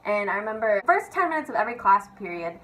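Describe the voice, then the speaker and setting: A woman's voice: medium pitch, very animated, fast, a bit bright, poor audio. A young woman vlogger telling casual stories about her school years. She giggles, swears freely and fills her speech with "like". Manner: giggly, profane, filler-heavy with constant "like". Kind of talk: casual storytelling rant.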